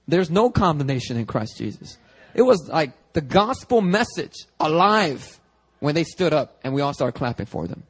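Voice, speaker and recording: A young male pastor preaching a casual, conversational sermon, animated and full of quick asides and restarts. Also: a little high, husky. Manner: animated, chatty, frequent restarts and asides to the congregation. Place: church sanctuary.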